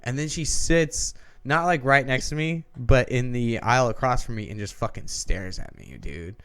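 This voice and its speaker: A man's voice: mid-range voice, moderate pace, fairly bright tone, smooth. Rambling, foul-mouthed podcast guy. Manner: rambling, swears often, many restarts. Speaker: podcast co-host. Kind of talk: casual profane storytelling.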